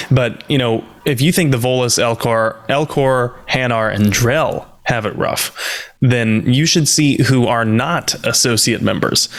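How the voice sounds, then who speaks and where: A man hosting a podcast, explaining game lore in a casual, steady, explanatory way. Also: medium pitch. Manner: explanatory, steady, runs through lists of facts. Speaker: podcast host.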